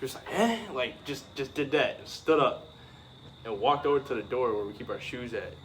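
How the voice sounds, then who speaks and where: A man co-hosting a casual video, telling animated stories in slang and laughing through them. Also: medium pitch, normal speed. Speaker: channel co-host. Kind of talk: casual storytelling chat. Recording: noisy background.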